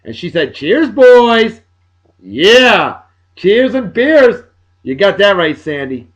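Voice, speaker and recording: A man, hosting a show and giving chatty, upbeat shout-outs with playful asides. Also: high voice, sing-song, slow pace, highs cut off. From Massachusetts, USA. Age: 40s. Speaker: video show host. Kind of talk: casual birthday shout-outs.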